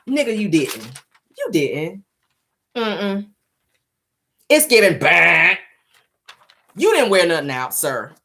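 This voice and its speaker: A woman's voice: fairly low pitch, big pitch swings, takes it slowly, gravelly, pauses often, bright, forceful tone. A woman hosting her own show, giving casual gossip commentary in a sassy, profane way, laughing often and acting out both sides of a scene. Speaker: show host.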